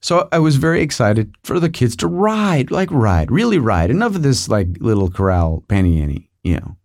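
A man's voice: medium pitch, sing-song, moderate pace, darkish tone. A middle-aged man hosting a podcast, telling a rambling comic story with digressions and asides to the listener. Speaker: podcast host.

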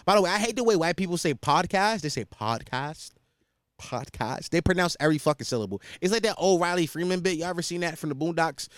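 A man's voice: high-pitched, racing, hardly any pauses, no room sound, clean studio sound. A young man hosting a podcast, chatting casually in a rambling, profane and self-mocking way. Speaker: podcast host. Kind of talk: casual solo chat.

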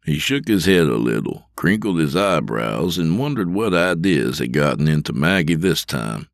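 A man narrating a scripted fiction podcast in a steady, measured storytelling manner, close to the mic. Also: extremely low pitch, dry recording.

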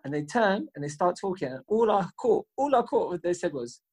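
A man co-hosting a podcast, chatting casually and telling an animated story, swearing freely and acting out the voices of people he quotes. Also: sits high, brisk, slightly rough. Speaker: podcast co-host. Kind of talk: casual chat.

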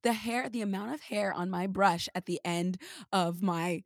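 Woman, casual chat, animated, dry recording. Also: medium pitch, normal speed, no echo. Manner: animated, laughs often, acts out quotes. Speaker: Broadway performer.

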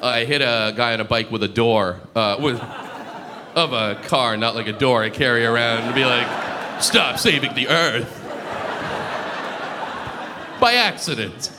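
A man performing a stand-up comedy set in a club, telling stories in a deadpan, dry manner and acting out other people's lines. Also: mid-range voice, moderate pace. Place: comedy club stage before a live audience. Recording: live club recording with audience noise.

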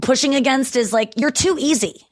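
A woman's voice: sits high, normal speed. A woman who is a guest on a podcast, giving chatty, opinionated takes in casual conversation. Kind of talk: casual chat.

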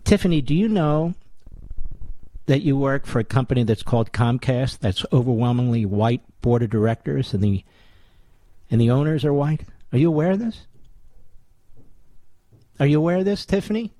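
A man's voice: mid-range voice, lively intonation, normal speed, long pauses, warm tone, dry recording. A man hosting a talk radio show, delivering a sarcastic, combative monologue full of scornful rhetorical questions and asides to his producer. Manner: addresses his producer on air.

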